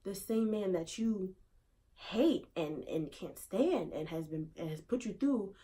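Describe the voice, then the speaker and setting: A woman's voice: medium pitch, expressive, unhurried, warm tone. A woman giving her opinion casually in a vlog, repeating rhetorical questions in disbelief. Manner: conversational, with fillers. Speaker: vlogger.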